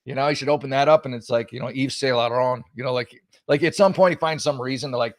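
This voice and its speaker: A man's voice: medium pitch, fast talker, no echo, clean studio sound. A male talk show host giving casual political commentary in a sarcastic, mocking, rambling way with many restarts.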